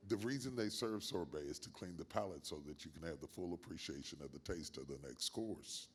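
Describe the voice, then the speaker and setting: A guest pastor of grandfatherly age, whose voice sits low, fields interview questions. He preaches more than chats, in a measured, emphatic cadence full of repeated phrases.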